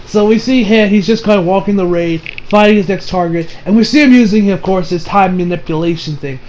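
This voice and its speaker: A man's voice: high-pitched, fairly quick, a little mellow, slight background noise. A man giving a casual anime episode review in a rambling, slangy way, full of fillers and loose asides.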